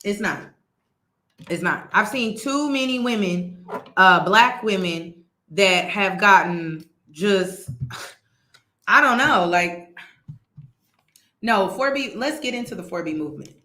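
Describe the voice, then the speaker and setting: Woman vlog host, casual commentary, exasperated and emphatic, bright tone, roomy echo. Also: mid-range voice, lively intonation, takes it slowly, pauses often. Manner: emphatic, exasperated, repeats points, slangy.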